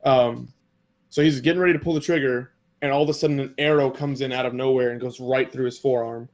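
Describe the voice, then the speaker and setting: A man's voice: medium pitch, fairly even intonation, fast. A man co-hosting a casual podcast, telling an anime episode's story in a rambling way with many fillers and quoted lines. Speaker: podcast co-host.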